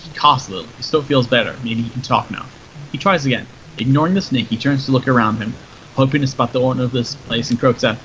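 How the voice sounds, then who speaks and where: A story reader narrates in a steady, descriptive manner, his bright, mid-pitched voice moving at a fast clip. The recording sounds dull and lo-fi, with faint noise in the background.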